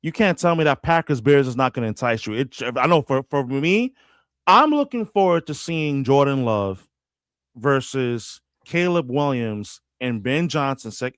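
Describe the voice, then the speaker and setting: A man in casual sports talk, animated and often restarting his sentences with stammered repeats. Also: mid-range voice, normal speed, clean tone, no room sound, studio quality. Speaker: radio host guest.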